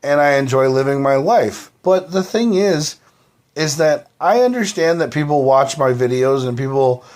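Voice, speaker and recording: A man's voice: mid-range voice, expressive, normal speed, darkish tone. A man on a live stream, rambling on at length, swearing freely and leaning on fillers like "you know" and "like". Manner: profane, rambling, heavy fillers.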